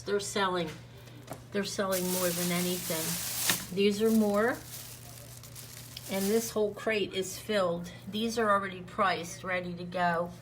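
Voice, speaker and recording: A woman's voice: mid-range voice, a little hiss or hum. Tired, chatty woman crafter at home. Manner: rambling, warm-hearted, with many restarts. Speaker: craft vlogger. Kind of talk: casual chatty vlog. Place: at home, on a couch.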